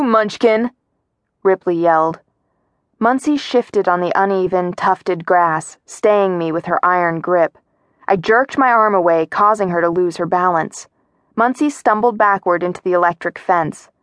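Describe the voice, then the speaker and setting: Woman narrating a story, low and dry. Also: no echo. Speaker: audiobook narrator. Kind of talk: scripted first-person narration.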